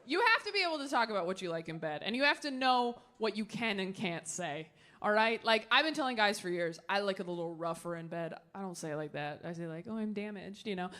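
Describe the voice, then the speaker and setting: A woman's voice: medium pitch, expressive, fast talker. A young woman from Los Angeles doing a stand-up set on a club stage, firing off self-mocking punchlines and stretching out quoted lines. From Los Angeles, United States. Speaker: stand-up comedian. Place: comedy club stage before a live audience. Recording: audience noise and laughter behind. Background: crowd laughter.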